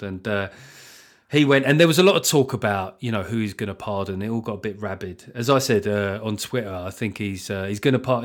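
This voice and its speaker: A man hosting a comedy podcast, riffing sarcastically with frequent swearing and mocking asides, recorded so the levels clip now and then. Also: fairly low pitch. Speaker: podcast host. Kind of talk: comedic solo podcast rant. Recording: levels topping out, sounds lo-fi.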